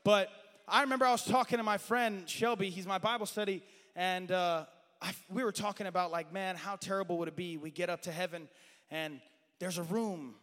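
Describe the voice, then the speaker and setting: Delivering a fervent sermon, this high-pitched man swings between shouting and hushed asides while confessing he has wandered from his notes. His tone stays steady, his pace is brisk, and the audio carries a big-room sound.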